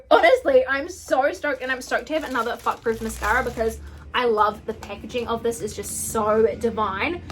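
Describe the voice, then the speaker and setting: A woman's voice: a little high, fairly bright tone. Gushing, gasping woman beauty vlogger. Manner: gushing, gasps and squeals often. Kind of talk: excited unboxing chat.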